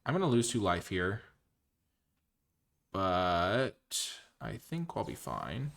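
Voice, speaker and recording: A man's voice: lowish voice, sing-song, slow, creaky, a bit bright. A man giving chatty, self-mocking commentary while playing a card game. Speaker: streamer. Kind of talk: gameplay commentary.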